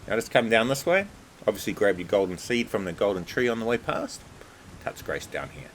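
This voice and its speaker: A man casually narrating a game walkthrough over gameplay in a relaxed, chatty way. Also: on the low side, fairly quick, a little hiss or hum, poor audio. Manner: relaxed, chatty, repeats filler words like "obviously".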